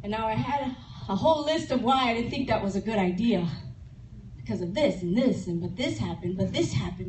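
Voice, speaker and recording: A woman's voice: fairly high pitch, expressive, fairly quick. A woman preaching at a women's retreat, telling a personal story animatedly and often laughing or tearful while acting out conversations. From Chicago. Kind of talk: testimony sermon. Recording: echoey room from far off with noise.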